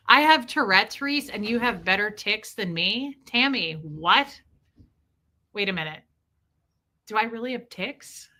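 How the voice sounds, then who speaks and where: Chatting casually on a livestream, a woman rambles from one story to the next and greets viewers by name. Her medium-pitched voice is expressive, bright and forceful, at a measured pace.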